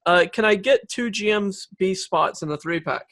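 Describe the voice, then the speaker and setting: A man's voice: high voice, moderate pace, no room sound. Man hosting a webinar Q&A, dry sound. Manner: reads audience questions, relaxed, upbeat. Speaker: webinar host.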